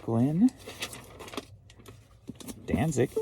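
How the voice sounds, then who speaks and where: A gravelly-voiced man from St. Louis, Missouri, rambling in a loose, joking way and riffing on one name after another. His intonation swings widely and stays lively throughout. A steady hiss of background noise sits clearly under the home recording. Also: medium pitch, unhurried. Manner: playful, riffs jokingly on names. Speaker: online reseller. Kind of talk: casual rambling chat.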